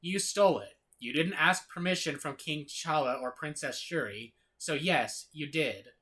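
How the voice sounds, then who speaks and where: A man's voice: fairly high pitch, unhurried, sharp tone, pitched above the performer's own voice. A man reading as a brash male superhero. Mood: indignant. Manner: read aloud with a slightly raised voice.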